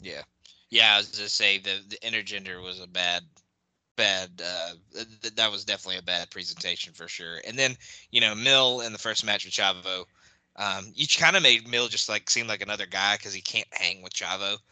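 Forceful, low-voiced male podcast host. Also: fairly even intonation, fairly quick, dry recording, rough recording. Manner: blunt, rambling wrestling opinions. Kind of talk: casual podcast chat.

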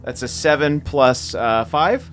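A man playing a tabletop game, excitable and giggly with theatrical outbursts. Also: fairly high pitch, takes it slowly, soft background music. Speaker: player.

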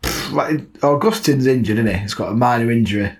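A man's voice: mid-range voice, a little fast. A man co-hosting a casual football podcast, joking and laughing as he talks. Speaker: podcast co-host.

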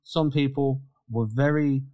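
A man co-hosting a casual sports podcast, talking in an animated, quick way with frequent restarts. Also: medium pitch, no room sound. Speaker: podcast co-host.

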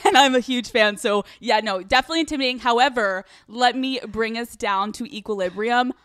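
A woman's voice: fairly high pitch, fairly quick, a bit bright, smooth, no room sound, clean studio sound. A young woman from Pennsylvania hosting a podcast, chatty, profane and openly starstruck with her guest. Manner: bubbly, profane, fangirling. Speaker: podcast host. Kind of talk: casual interview chat.

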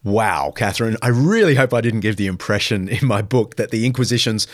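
Male podcast host with a lively pitch, dry close sound, answering listener questions with thoughtful emphasis. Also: fairly quick, dry recording. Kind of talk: reflective Q&A answers.

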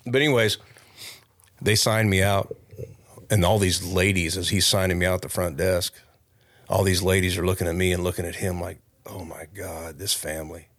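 Man, very deep voice, dry close mic, casual storyteller, podcast guest, restarts often. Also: normal speed, long pauses, no echo. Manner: animated, rambling anecdote with many restarts. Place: recording studio.

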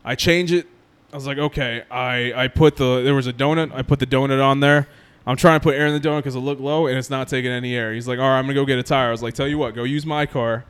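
With few pauses, a young man from New Jersey rattles off a long story to his friends, laughing often and acting out what others said. His voice is mid-range, clear and resonant, and his pace is fast.

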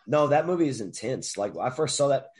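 A man's voice: mid-range voice, breathy edge. Laughing, foul-mouthed man chatting. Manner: loud, laughing, swears a lot. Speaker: podcast co-host. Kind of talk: casual chat. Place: home over voice chat.

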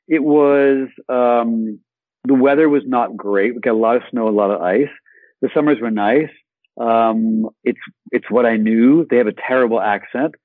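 A man's voice: medium pitch, normal speed, no echo, phone-quality sound. A man from Michigan, a guest actor on an interview podcast, telling stories with playful acted-out asides. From Michigan, USA.

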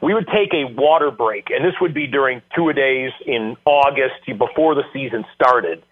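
A man's voice: mid-range voice, normal speed. Man telling stories over a phone line. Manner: animated storyteller with many fillers. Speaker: guest. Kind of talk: casual storytelling interview.

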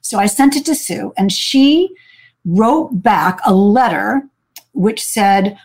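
A lively woman telling a story on a video call. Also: mid-range voice, takes it slowly. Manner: lively, acts out quoted voices. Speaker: guest author. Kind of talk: storytelling in a casual chat.

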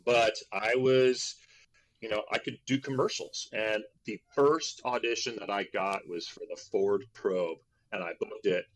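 A middle-aged actor from Berkeley, California, appears as a guest in a casual interview, telling rambling stories full of fillers and restarts. He is animated, acting out quoted voices with big leaps in pitch, at a measured pace, on a rough recording with a little hiss or hum.

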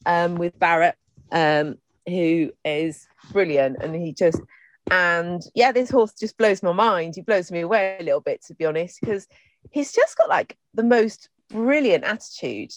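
A woman's voice: lowish voice, unhurried, no room sound. A middle-aged woman chatting casually as a podcast co-host, rambling through stories with plenty of fillers and restarts. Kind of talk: casual chat.

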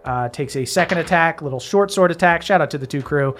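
A man's voice: fairly high pitch, fairly quick, fairly bright tone, soft background music. Joking man running a tabletop game. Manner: laughs often, upbeat and joking. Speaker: game master.

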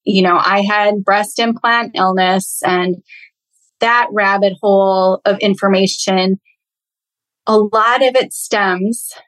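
Woman in her thirties, podcast guest, earnest, reflective, slow-paced. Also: medium pitch, fairly even intonation, fairly bright tone, rough recording. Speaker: podcast guest, health coach. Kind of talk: casual interview chat.

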